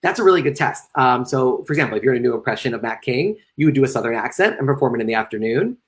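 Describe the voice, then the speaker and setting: A man delivering a lecture over a live stream, mixing advice with quick self-aware jokes. He reads audience comments aloud and answers them on the spot. His voice leaps upward in pitch whenever he lands a playful aside. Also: expressive. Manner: joking asides, sudden playful jumps in pitch. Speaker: lecturer and comedian.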